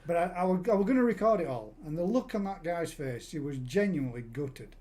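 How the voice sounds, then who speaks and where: A man's voice: on the high side, expressive, a little fast, mellow. Chatty man hosting. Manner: chatty, rambling storyteller with many restarts. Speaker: host. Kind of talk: casual chat. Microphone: live stream call.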